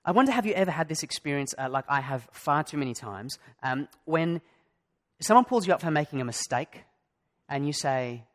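A man's voice: fairly high pitch, lively intonation, a little fast, fairly bright tone. A middle-aged male pastor preaching a sermon in an earnest way, asking his listeners many direct questions.

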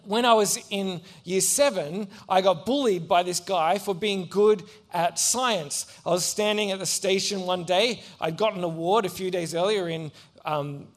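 A young man giving a sermon, telling funny personal stories and acting out the voices in them. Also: sits high. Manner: animated, acts out voices in anecdotes. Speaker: preacher. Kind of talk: storytelling sermon.

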